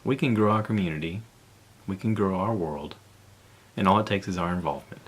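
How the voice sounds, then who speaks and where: A man's voice: low voice, brisk, breathy edge. A man, hosting a casual solo podcast from home in a rambling, easygoing way with frequent chuckles. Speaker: podcast host.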